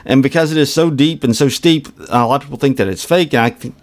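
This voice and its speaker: A man's voice: medium pitch, quick pace. A man co-hosting a podcast in a casual chat about a TV episode, often stumbling and repeating words as he restarts his sentences. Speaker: podcast co-host.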